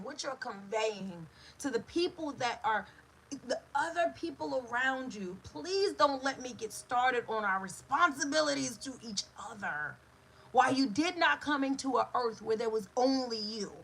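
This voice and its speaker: A woman giving an inspirational talk as host, emphatic and repetitive, dropping to a hush for stress. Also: sits high, rough recording. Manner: emotional, speaks to a live listener.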